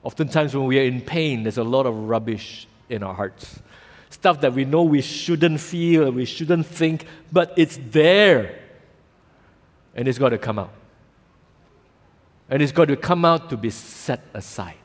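A man's voice: mid-range voice, a little slow. A man preaching a sermon, telling the story animatedly with casual fillers and acting out voices. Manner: casual local fillers like "lah" and "ah". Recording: reverberant hall.

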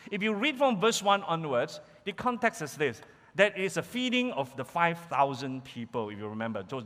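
Lively high-voiced male preacher. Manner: animated, emphatic storytelling. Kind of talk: sermon. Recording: reverberant hall.

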